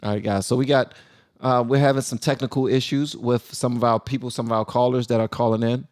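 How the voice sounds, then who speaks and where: A man's voice: mid-range voice, fairly even intonation, brisk, darkish tone. A man hosting a casual live stream and talking loosely, with many fillers and restarts.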